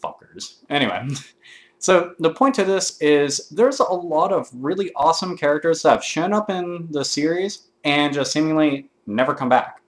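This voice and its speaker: A man hosting his own gaming video, ranting casually to camera with constant swearing and excitable outbursts. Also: fairly high pitch, moderate pace.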